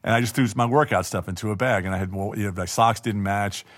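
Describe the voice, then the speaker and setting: Middle-aged male guest, low-set voice, rambling self-mocking anecdote style. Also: fast talker. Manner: chatty, self-deprecating, frequent restarts and laughs. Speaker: guest telling a personal story. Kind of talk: casual storytelling interview.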